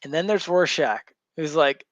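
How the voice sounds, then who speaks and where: A man's voice: fairly high pitch, a little slow, dry recording, lo-fi sound. A man hosting a show, casually retelling a story to a co-host in a loose, rambling way full of fillers. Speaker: show host recapping a comic.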